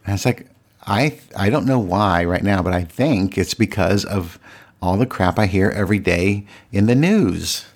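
A low-pitched man speaking at a moderate pace hosts his own solo podcast on a desk mic. His monologue is casual, candid, and exasperated, rambling along with frequent restarts and stammered repeats.

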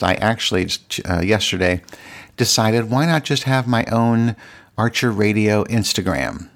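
A man with a very low voice and a rough, gravelly texture hosts his solo podcast on a desk mic. He talks candidly and with open exasperation, tripping into restarts and repeated words as he rambles on. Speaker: podcast host. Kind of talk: casual solo podcast monologue.

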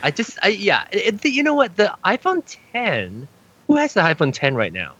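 A man's voice: high voice, wildly swooping pitch, normal speed, fairly bright tone, slightly rough, dull audio. A man co-hosting a casual tech chat, laughing often and restarting his sentences. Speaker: podcast co-host.

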